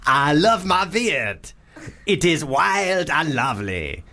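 A man reading out a listener's email in a put-on mock Arabic accent, voicing a bearded young man asking for advice in a slow, sing-song way. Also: on the high side, very animated, sharp tone, pitched above the performer's own voice, full character voice. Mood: earnest pleading. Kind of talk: comic email reading on radio.

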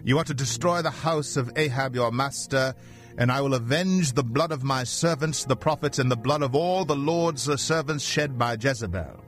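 A stern male prophet speaking in a solemn, declaring tone, voiced by a man reading the story aloud. The voice sits at an ordinary middle pitch, and faint music plays beneath it. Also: moderate pace, fairly bright tone, natural voice.

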